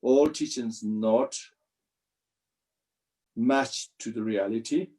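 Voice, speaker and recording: A man giving a Buddhist teaching commentary over a video call, speaking halting English with frequent restarts. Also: mid-range voice, fairly even intonation, dark tone, rough recording. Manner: slow, halting non-native English with restarts.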